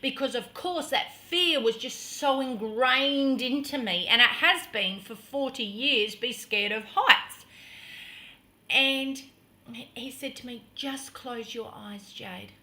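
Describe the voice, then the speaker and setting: A middle-aged woman vlogger telling a personal story in an earnest, dramatic way, sometimes dropping to a hush. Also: sits high, takes it slowly. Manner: earnest, dramatic storytelling that drops to hushed tones.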